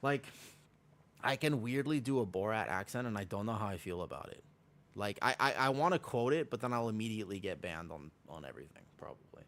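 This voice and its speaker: A man streams a game and chats casually with viewers while he plays, in a fairly low, expressive voice that is a little fast and fairly bright. He rambles and often corrects himself, and he has a sore throat and feels slightly sick.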